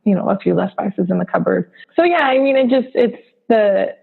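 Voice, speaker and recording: A woman from Hawaii in her thirties chats as a podcast guest, loose and filler-heavy. Her voice is gravelly and a bit husky. She comes through a narrow, phone-like remote line. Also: mid-range voice, expressive. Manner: chatty, filler-heavy, quick to laugh. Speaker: podcast guest, food blogger. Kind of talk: casual interview chat.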